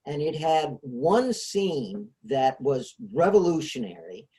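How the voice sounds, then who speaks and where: Animated man explaining ideas, hesitant. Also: fairly high pitch, slow. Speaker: host. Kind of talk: casual discussion.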